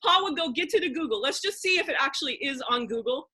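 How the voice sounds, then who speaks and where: A woman from Philadelphia hosts a relaxed chat over a video call. Her voice sits high and rings bright, and she talks animatedly, tumbling through restarts and side remarks. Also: fast. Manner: animated, excitable, frequent restarts and asides. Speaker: host. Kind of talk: casual video-call conversation.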